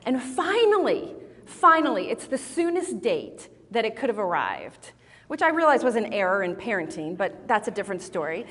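A woman teaches a women's group in a sermon style, telling stories with lively, expressive rises and falls in her voice. Her voice sits in a middle register. A long reverb from a large hall hangs behind her words. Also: mid-range voice, normal speed. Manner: animated, expressive storytelling. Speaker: speaker at a women's Bible study.

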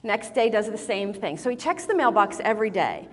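A woman teaches a women's group in a sermon style, telling stories with lively, expressive rises and falls in her voice. Her voice sits in a middle register. A long reverb from a large hall hangs behind her words. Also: mid-range voice, fairly quick. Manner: animated, expressive storytelling. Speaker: speaker at a women's Bible study.

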